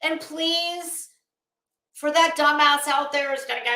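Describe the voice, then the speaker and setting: A woman's voice: high voice, measured pace, bright, forceful tone, roomy sound. A woman hosting a live commentary stream, rambling bluntly and sarcastically while greeting her viewers.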